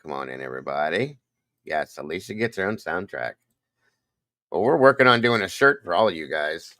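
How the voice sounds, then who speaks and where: A man's voice: sits low, expressive, a little fast, bright, forceful tone, no echo. An older man hosting a casual livestream, rambling and greeting viewers one by one by name. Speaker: livestream host.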